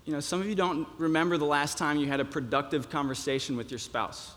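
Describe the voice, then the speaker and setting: A man's voice: fairly high pitch, steady tone, fast, a bit bright. A young man preaching a sermon in a conversational way, with many fillers and restarts. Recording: long reverb of a hall.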